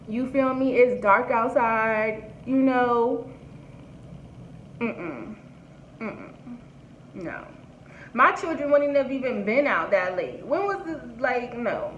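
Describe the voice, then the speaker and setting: A blunt woman vlogger talks in a higher register, outspoken and quick to swear. Her voice rings in an echoey room on a dull, lo-fi recording with a faint hiss. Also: very animated. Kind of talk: casual commentary.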